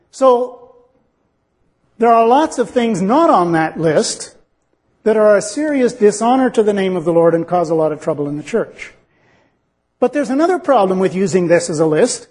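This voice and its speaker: A man's voice: very high voice, darkish tone, long reverb tail. A man preaching a sermon in an earnest, reasoning way, acting out little dialogues to make his point.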